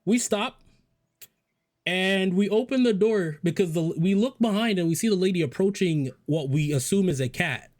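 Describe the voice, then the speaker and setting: A man's voice: high voice, moderate pace, a little mellow. A man casually telling a personal story to viewers, rambling with profane, joking asides. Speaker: storyteller vlogger.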